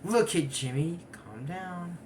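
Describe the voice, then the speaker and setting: A young adult in their twenties recaps a cartoon episode in loose, casual commentary and keeps wandering into side remarks. The pitch swings up and down all the time. A faint hiss sits behind the voice. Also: animated, unhurried, darkish tone. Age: 20s. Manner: rambling, digressive asides. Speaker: anime episode reviewer.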